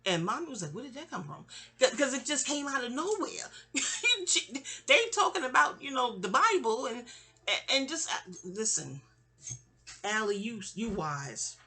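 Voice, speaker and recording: A woman's voice: a little high, sing-song, a little slow, pushed and bright, breathy edge. A woman in her forties telling family stories in a rambling, candid way, trailing off and restarting. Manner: rambling, trails off and restarts, mimics people in quotes. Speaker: storyteller.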